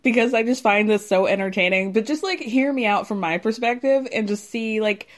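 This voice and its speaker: A woman chatting through a reality show recap, voice sitting a bit high. She talks animatedly, breaking into laughter and acting out what people said. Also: brisk. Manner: animated, laughs often, acts out quotes. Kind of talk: casual chat recapping a show.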